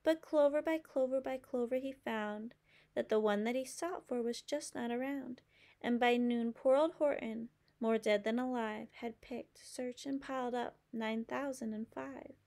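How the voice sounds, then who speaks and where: A woman's voice: fairly high pitch, measured pace, mellow. A woman reading a rhyming children's book aloud in a rhythmic, sing-song delivery. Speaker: storybook reader.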